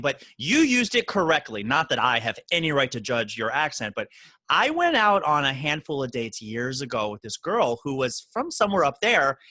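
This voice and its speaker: Lively, bright-voiced man hosting a chat. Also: medium pitch, no echo. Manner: joking, storytelling, teasing. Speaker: podcast host. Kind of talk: casual chat.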